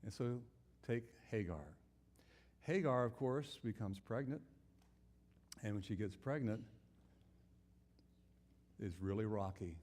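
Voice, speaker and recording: A man's voice: on the low side, animated, takes it slowly, long pauses, a little mellow, big-room sound. A man preaching a sermon, telling a Bible story and asking his listeners questions. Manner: storytelling, acts out biblical characters' voices; asks the audience questions.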